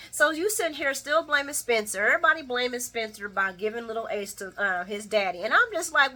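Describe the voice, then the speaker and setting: A woman's voice: on the high side, brisk, few pauses. A woman giving a chatty daily soap opera recap, talking straight to her viewers and talking back at the characters. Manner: expressive, talks back at characters, laughs often; chatty, addresses viewers directly. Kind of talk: casual daily recap commentary.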